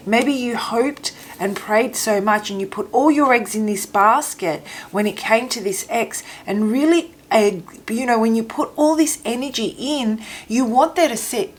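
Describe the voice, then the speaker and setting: Soft-spoken woman losing her voice. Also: a little high, slight background noise. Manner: gentle, halting, repeats phrases while searching for words. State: losing her voice, throat catching. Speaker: tarot reader. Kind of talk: intuitive tarot reading to camera.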